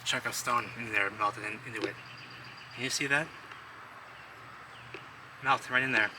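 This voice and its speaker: A man vlogging outdoors among rubble, rambling excitedly and talking straight to his viewers as he points things out. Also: medium pitch, unhurried. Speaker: vlogger exploring ruins. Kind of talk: casual walk-and-talk commentary. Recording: loud outdoor traffic noise.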